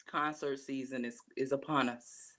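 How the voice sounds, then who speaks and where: A woman co-hosts a relaxed music podcast. Her voice is bright and forward. She chats in an animated way and laughs easily. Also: a bass voice, moderate pace. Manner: chatty, animated, laughs often. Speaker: podcast co-host. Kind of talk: casual chat.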